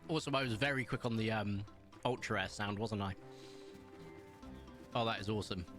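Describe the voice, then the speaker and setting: A man's voice: on the low side, moderate pace, over music. A man from England, chatting casually with his live-stream chat while gaming and laughing often. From southern England.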